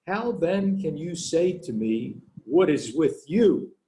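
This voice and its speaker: A man reading verses of scripture aloud for a class, measured and deliberate. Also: on the high side, very animated, warm tone, slight background noise, rough recording.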